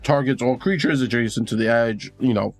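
A man's voice: mid-range voice, fairly quick, faint music behind. A man running a tabletop game as game master, describing scenes in a rambling way with many fillers.

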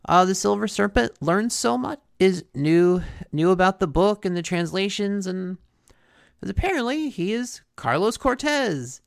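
A young woman chats casually as a podcast co-host, retelling a cartoon plot with quoted voices. Her pitch moves a lot and her voice carries a gravelly fry. The sound is dry and close. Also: no echo. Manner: animated storytelling with quoted voices. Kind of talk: casual chat recapping a cartoon.

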